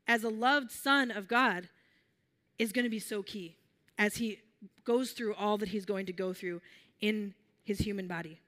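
A woman preaching a sermon in an earnest, gentle, conversational way, often restarting her phrases and leading listeners through a guided imagination exercise. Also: a little high.

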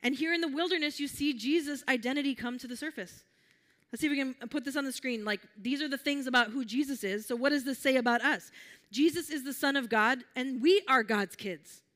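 A woman with a slightly high voice delivers a sermon to her congregation. She talks in a gentle, earnest, conversational way, often restarting her sentences as she guides listeners through imagining a scene. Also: fairly quick. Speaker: preacher.

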